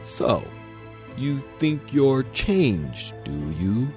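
A drowsy, stern blue caterpillar, put on by a man reading aloud drawls each line out slowly. He is curt and short with everyone. Music plays clearly behind this storybook reading. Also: medium pitch, very animated, a little mellow, pitched above the performer's own voice, exaggerated voice. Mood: languid stern. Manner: slow, drawling, sleepy and curt. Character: languid, stern large blue caterpillar, male.

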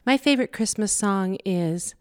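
A woman on a podcast sharing a gentle, thoughtful reflection on her favorite song. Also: mid-range voice, expressive, normal speed, clear, resonant tone. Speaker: podcast contributor.

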